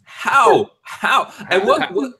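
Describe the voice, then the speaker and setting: A man hosting a casual podcast teases his guest and laughs a lot. His pitch swings widely as he talks, in a lively, animated way. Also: slow, breathy edge. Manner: laughing, teasing. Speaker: podcast host.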